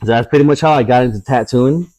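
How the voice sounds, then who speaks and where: Talking fast in a dark-toned, mid-range voice, a male tattoo artist guest shares a casual story packed with swearing. He performs the voices of those he quotes, and there's no echo.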